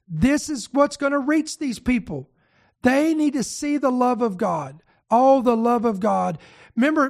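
High fervent preacher on a broadcast sermon, rallying and repetitive. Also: creaky. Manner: fervent, exhorting, repeats short rallying phrases. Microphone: camera broadcast.

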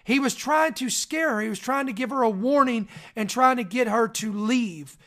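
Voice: mid-range voice, normal speed, a bit bright. A preacher reading out a news story and then teaching on it, in an emphatic style that calls out to listeners.

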